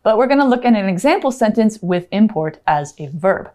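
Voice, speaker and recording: A woman's voice: mid-range voice, expressive, a little fast, warm tone. A woman co-hosting an English lesson, explaining words with casual everyday examples. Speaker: English teacher co-host.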